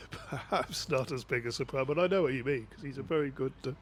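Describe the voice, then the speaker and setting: A man working as a co-commentator in a radio cricket booth, giving measured, calm analysis of the match. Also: mid-range voice, a little hiss or hum.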